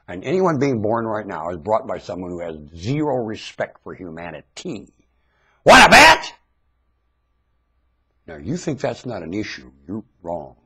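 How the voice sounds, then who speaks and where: A man delivering a ranting webcam monologue into a webcam mic, swinging from low muttering to sudden shouted outbursts in a husky voice.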